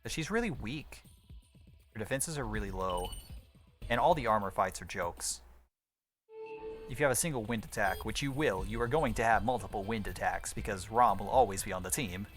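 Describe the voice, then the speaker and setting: A man's voice: lowish voice, moderate pace, soft background music. Wry rambling streamer guy. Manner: rambling, wry, swears casually. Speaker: speedrunner streamer. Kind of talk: casual stream commentary. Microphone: desk microphone.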